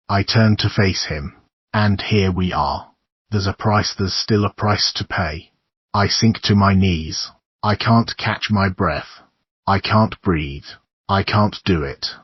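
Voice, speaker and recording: A man narrating a horror audiobook in a measured, somber way with a husky voice. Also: sits low, no room sound, highs cut off.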